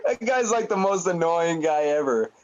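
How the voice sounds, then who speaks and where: A man's voice: fairly high pitch, expressive, moderate pace, muffled recording, slight background noise. A man in casual podcast chat, laid back and laughing easily.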